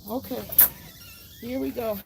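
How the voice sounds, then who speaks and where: Casual livestream host, woman, outspoken ranting, gravelly voice. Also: a little high, fairly even intonation, unhurried, background noise. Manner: ranting, outspoken, swears freely. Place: garden outdoors, then indoors.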